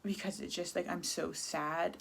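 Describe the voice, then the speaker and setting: A woman from Canada in her thirties, talking candidly and haltingly about her depression in a personal vlog, close to tears. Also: lowish voice, fairly even intonation, vocal fry, breathy edge. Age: 30s. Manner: candid, halting, many restarts and fillers. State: sad, near tears. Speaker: vlogger.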